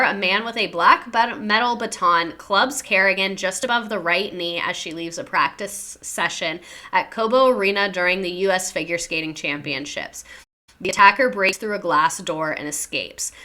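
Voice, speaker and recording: A young woman with a bright, forward voice tells a true-crime story in a casual, slangy way. She moves between reading out facts and chatting with her viewers. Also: mid-range voice, moderate pace. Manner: chatty, slangy, reacting to chat.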